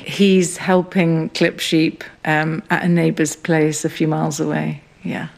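A middle-aged woman, a farmer and writer, recalling events slowly and reflectively in a radio interview, recorded outdoors on a hill farm. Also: sits low, level tone, creaky. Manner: slow, reflective storytelling.

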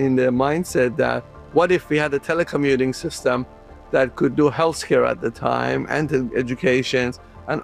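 Man, from the Middle East, middle-aged, gravelly, earnest and halting, faint music behind. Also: medium pitch. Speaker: inventor interviewee. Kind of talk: recounted interview.

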